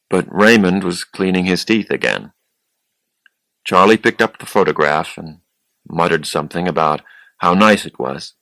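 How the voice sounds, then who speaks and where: A man reading an audiobook in a plain, unhurried manner. His voice sits low and the pace is very slow. The recording is dry and close, with no room sound. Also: a bit bright, no room sound, low-quality recording. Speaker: audiobook narrator. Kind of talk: scripted audiobook narration.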